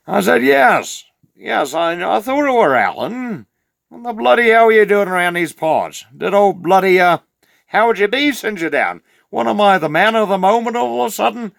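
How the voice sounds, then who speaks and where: In a gravelly mid-range voice, a man plays a crude, rambling old rural farmer from Southland, New Zealand, spinning a comic yarn in a meandering drawl full of "uh" fillers. The recording is dry and studio quality.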